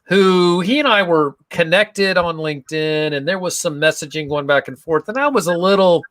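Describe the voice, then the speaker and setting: A man's voice: on the high side, moderate pace, a bit bright, no room sound. A man talking as a guest in a casual online interview, upbeat and full of anecdotes. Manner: enthusiastic, storytelling.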